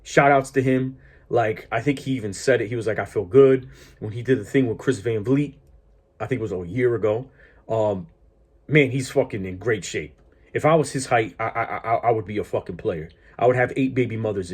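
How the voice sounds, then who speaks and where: A man's voice: lowish voice, a little mellow, slightly rough. Profane, heated man ranting about wrestling. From Greek heritage. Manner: profane, heated, restarts often. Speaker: wrestling commentator vlogger. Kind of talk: casual ranting monologue.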